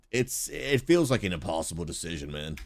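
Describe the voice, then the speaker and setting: A man who is a pastor and streamer, chatting casually and excitedly as he reacts to game footage and thanks viewers, calling them bro and dude. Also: low-pitched, normal speed, slight background noise. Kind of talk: casual livestream reaction chat.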